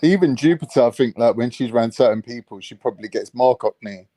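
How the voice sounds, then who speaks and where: A man's voice: medium pitch, fast talker, dark tone. A man, chatting casually and agreeably and laughing easily. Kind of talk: casual chat.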